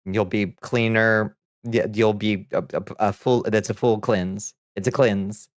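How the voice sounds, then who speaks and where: A man's voice: lowish voice, fairly even intonation, unhurried, no room sound, clean studio sound. A man chatting casually on a livestream, greeting his chat by name and chuckling often. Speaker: streamer.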